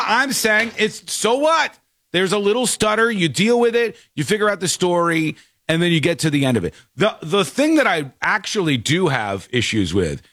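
A man co-hosting a casual chat show, talking in an animated, jokey way as he tells stories. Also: a little high, no room sound, clean studio sound. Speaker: podcast co-host.

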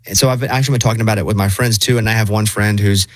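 A man's voice: on the low side, steady tone, rapid-fire, dry recording. Dry-sounding male radio host chatting. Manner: conversational, earnest questions. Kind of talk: casual radio chat and interview.

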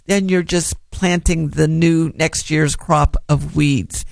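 A man hosts a gardening call-in show, rambling through tips in a chatty, friendly manner. His voice sits a little high for a man. The sound is dry and close, with no room around it. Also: steady tone, slow pace, vocal fry, hardly any pauses, no echo. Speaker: gardening radio show host. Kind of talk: casual radio gardening advice.

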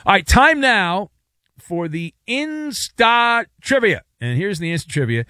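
A man hosting a sports radio show, giving animated takes and reading an ad with emphatic, sometimes yelled delivery. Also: a little high, dry recording, clean studio sound. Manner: animated, emphatic, yelling at times. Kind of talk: sports talk and live ad read.

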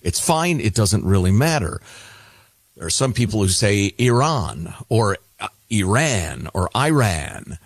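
A man's voice: fairly low pitch, lively intonation, breathy edge, no room sound. Wry middle-aged man reading listener mail. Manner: wry, quick, reads emails aloud with asides. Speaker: radio show host. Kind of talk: casual radio talk, reading listener mail.

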